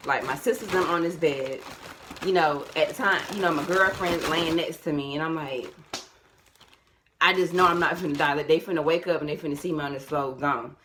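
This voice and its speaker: A woman's voice: low voice, brisk. A young woman tells a personal story straight to her viewers. She talks casually and animatedly, repeats her lines and calls the audience y'all. A faint hiss sits under the recording. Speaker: vlogger.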